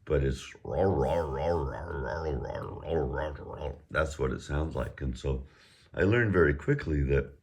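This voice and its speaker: A man teaching Mandarin tones in an easygoing way, drilling words and repeating them, with relaxed chatty asides. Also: extremely low pitch. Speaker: Chinese teacher. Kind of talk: recorded language lesson.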